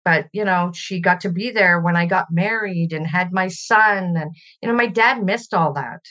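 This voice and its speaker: A woman's voice: fairly low pitch, normal speed. A middle-aged woman from Canada, a podcast guest speaking reflectively in a conversational interview. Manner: reflective and warm, laughs while telling stories.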